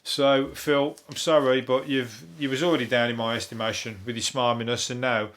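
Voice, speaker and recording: An English comedian runs his podcast as loose, meandering chat, swearing freely and chuckling between thoughts. His pitch is middling for a man, and he speaks fairly quickly in a level, slightly bright tone.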